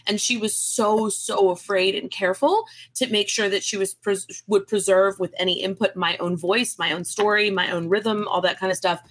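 A woman in her thirties talks casually as a guest in an interview. She tells stories with lots of energy and puts on quick voices for the people she quotes. Her pitch sits in the middle for a woman. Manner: animated storyteller, acts out quoted voices. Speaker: guest author.

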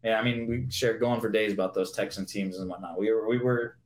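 A man and former pro football player telling lively, fast-moving stories as a guest in a casual interview. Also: lowish voice. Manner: animated, quick anecdotes. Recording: roomy echo.

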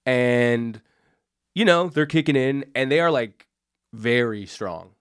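A man tells a story as a podcast guest, rambling and cursing as he goes. His voice sits at a middle pitch. It is recorded dry, with no room sound around it. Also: animated, takes it slowly, clean tone, no room sound. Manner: rambling, full of "like" and swearing. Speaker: comedian guest.

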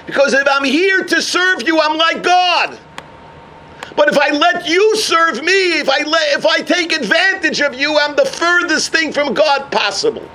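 A man voicing a humble ancient patriarch, speaking fervently and rising to shouts. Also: extremely high pitch, expressive, measured pace, slight background noise, voice pushed up, full character voice, poor audio.

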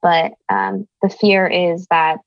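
Lower-pitched earnest woman, dull audio. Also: steady tone, slow, gravelly, no room sound. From United States. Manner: earnest, thoughtful, searching for words. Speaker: interview guest. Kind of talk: reflective conversation.

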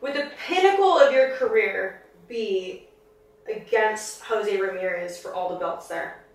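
A woman interviewing a boxer, asking short friendly questions and laughing quickly. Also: mid-range voice, recorded from a distance. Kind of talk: casual interview. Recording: very echoey room, off-mic, faint hum.

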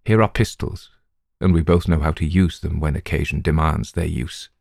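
A man reading an audiobook, voicing a calm, methodical detective who reasons aloud in a measured, deliberate way. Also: extremely low pitch, vocal fry, no room sound, studio quality, full character voice.

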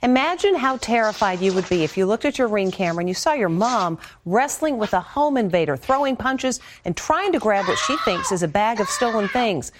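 A woman's voice: medium pitch, expressive, brisk, hardly any pauses, noisy background. Woman anchor reading studio news.

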